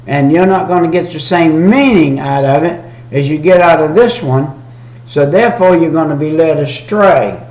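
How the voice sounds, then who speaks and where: A man preaches a homemade video sermon in a folksy, repetitive way. He reads scripture slowly and then explains it in plain talk. His voice sits a little high and bounces around a reverberant room. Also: darkish tone. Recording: echoey room.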